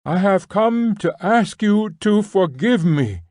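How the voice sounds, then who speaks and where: A man's voice: on the high side, expressive, slow pace, dark tone, dry recording, clean studio sound, pitched above the performer's own voice, exaggerated voice. A man doing a stammering remorseful nobleman. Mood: pleading. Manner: stammering, earnest pleading. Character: remorseful young nobleman, halting and tearful.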